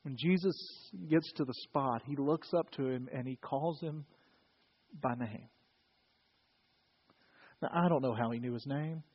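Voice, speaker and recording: A man's voice: mid-range voice, unhurried, pauses often, breathy edge. A male pastor preaching a sermon in a conversational, storytelling way with wry humor. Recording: dull, reverberant church recording.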